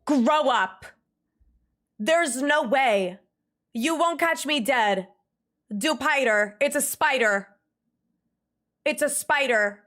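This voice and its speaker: Young woman streamer ranting to chat, kinda high voice, lots of exasperated laughs. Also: fairly bright tone. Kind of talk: casual livestream chat.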